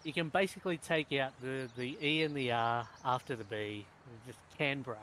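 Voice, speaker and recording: A man's voice: mid-range voice, animated, normal speed, a bit bright, slight background noise. A man chatting casually on a podcast, explaining how place names are said. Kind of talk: casual chat.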